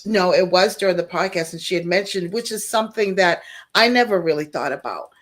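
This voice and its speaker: A woman's voice: fairly low pitch, fairly quick. A woman hosting a podcast interview, responding in an affirming way. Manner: affirming, frequent short responses. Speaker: podcast host. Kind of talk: casual interview.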